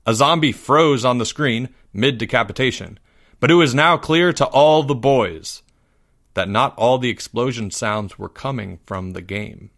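A man narrates a suspenseful story in a measured, even voice. His pitch sits in the middle range for a man, neither deep nor high.

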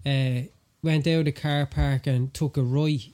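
An Irish man telling stories in a relaxed chat, his voice on the higher side for a man yet mellow and warm. He acts out the people in his stories as he goes. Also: unhurried. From Ireland. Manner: animated storyteller, acts out quotes. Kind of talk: casual chat.

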